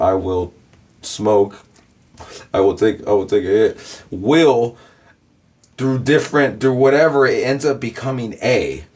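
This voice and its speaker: A man's voice: fairly low pitch, a little mellow. A young man hosting a reaction video, breaking down rap wordplay in a rambling, casual way full of "like" and "bro". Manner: rambling, repeats himself, says "bro" and "like" a lot. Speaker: reaction channel host.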